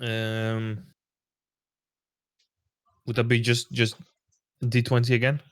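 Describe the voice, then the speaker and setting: A man taking his turn in a tabletop game, talking slowly and haltingly. The sound is dry and close. He stops and restarts often as he thinks aloud. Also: medium pitch, completely flat delivery, no echo. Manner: hesitant, halting speech with restarts. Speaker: player. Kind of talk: casual tabletop game play.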